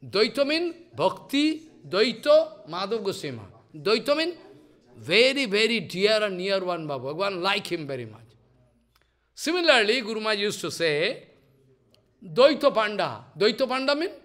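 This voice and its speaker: A man's voice: high voice, bright, forceful tone. A man giving a devotional lecture, telling stories animatedly, acting out voices and laughing often. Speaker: spiritual teacher.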